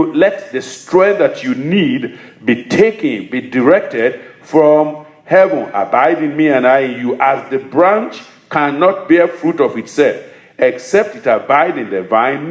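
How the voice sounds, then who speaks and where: A man's voice: medium pitch, echoey room. A man preaching a sermon as pastor, reading scripture and asking his congregation questions he answers himself.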